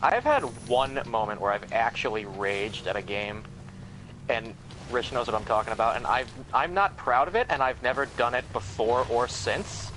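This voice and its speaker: A man's voice: medium pitch, expressive, normal speed, a bit bright, a little hiss or hum, low-quality recording. A man co-playing on a stream, rambling casually about a past game. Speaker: co-player. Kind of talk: casual gaming chat.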